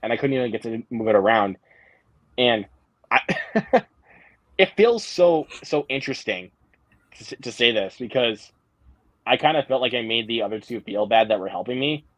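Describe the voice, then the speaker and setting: A man's voice: mid-range voice, animated, moderate pace, pauses often, dry recording, rough recording. A young man hosting a casual live-stream chat, rambling through stories with lots of fillers and restarts. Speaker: host.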